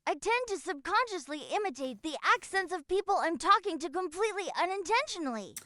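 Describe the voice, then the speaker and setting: A text-to-speech woman's voice reading viewer chat messages aloud in an even, machine-read delivery. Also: very high voice, a little fast, no echo, clean studio sound.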